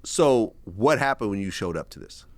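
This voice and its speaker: Low, lively-voiced male interviewer. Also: moderate pace, no room sound. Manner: probing, recaps the story before asking. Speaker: interview host. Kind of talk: interview questioning.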